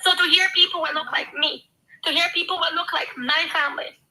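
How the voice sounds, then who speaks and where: A woman's voice: very high voice, steady tone, a little fast, bright, forceful tone, rough recording. A woman from Haiti speaking with raw passion on a livestream, near tears and repeating herself as she swears. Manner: impassioned, repetitive, swearing. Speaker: guest. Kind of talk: emotional livestream talk.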